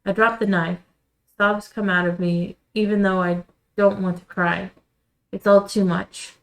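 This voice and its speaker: Slow, measured woman reading a story game. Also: mid-range voice, little pitch movement, poor audio. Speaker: let's-play streamer. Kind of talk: reading a visual novel aloud.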